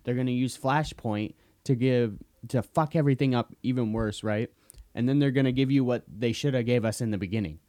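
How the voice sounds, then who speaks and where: A man co-hosting a podcast in casual banter, blunt and profane, quick to dismiss things. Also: medium pitch, a little mellow, no echo, clean studio sound. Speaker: podcast co-host.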